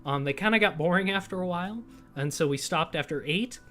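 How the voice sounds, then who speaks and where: A young man hosting a casual livestream, his voice sitting a touch high. He talks wryly, swears offhandedly and breaks into laughter often. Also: a little fast, bright, forceful tone. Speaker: streamer host.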